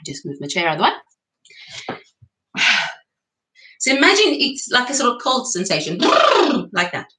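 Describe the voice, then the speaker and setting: A woman's voice: on the high side, big pitch swings, normal speed, long pauses, sharp tone. A woman leading a guided singing and breathing class, chatty and encouraging, laughing between exercises. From England. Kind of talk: guided vocal exercise session. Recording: echoey room.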